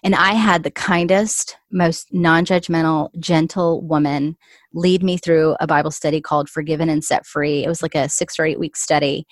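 A woman in her forties, appearing as a guest author in an interview, shares an emotional story about her personal faith. Her voice sits low with a steady tone and a moderate pace, and there's no echo. She comes across as earnest, peppering her speech with "like."

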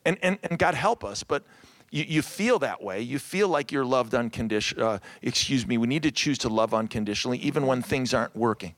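A middle-aged Cleveland, Ohio pastor speaks briskly in a medium-pitched voice during a conference talk to ministry couples. He's lively and full of jokes, calling out to the crowd and often repeating words, in a conference room with round tables and with no echo on the recording.

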